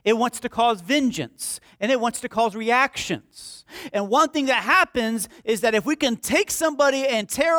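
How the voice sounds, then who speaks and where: High-voiced man preaching with passion. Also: dry recording, clean studio sound. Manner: impassioned preaching, swinging from shouts to hushed pleas. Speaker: pastor. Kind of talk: sermon.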